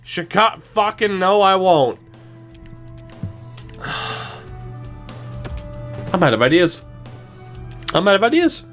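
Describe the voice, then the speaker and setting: Slow, bright-voiced exasperated gamer man. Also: high voice, animated, soft background music. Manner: exasperated, pleading, swearing; sarcastic asides. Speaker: gaming channel host. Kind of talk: video game commentary.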